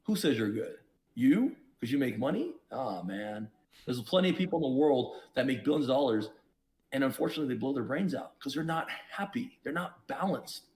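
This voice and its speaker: A man who is a podcast guest, telling his own story in an emphatic, preachy way, with sudden jumps in pitch and loudness. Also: lively intonation, fairly quick. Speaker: podcast guest, investor and entrepreneur. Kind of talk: reflective storytelling.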